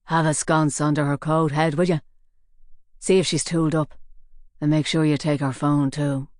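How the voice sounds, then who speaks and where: A woman voicing a menacing male gunman with a hoarse, gravelly voice. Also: low voice, little pitch movement, moderate pace, a little mellow, no echo, studio quality, lightly acted. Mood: commanding.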